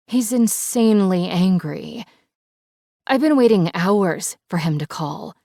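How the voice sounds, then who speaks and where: A woman's voice: mid-range voice, lively intonation, slow pace, warm tone, no echo, studio quality. A woman narrating an audiobook in the first person, with a dramatic, emotional delivery.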